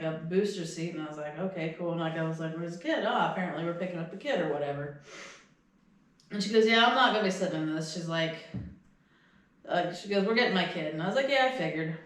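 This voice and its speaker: A woman's voice: lowish voice, quick pace. A woman co-hosting a podcast, telling rambling, profane stories in casual chat. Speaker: podcast co-host. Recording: very echoey room.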